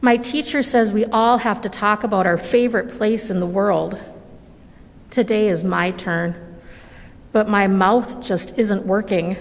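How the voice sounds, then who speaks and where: A woman reading a children's story aloud at a church service, gentle and measured. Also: mid-range voice, fairly even intonation. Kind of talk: slow storybook read-aloud. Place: church sanctuary. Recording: long reverb of a large hall.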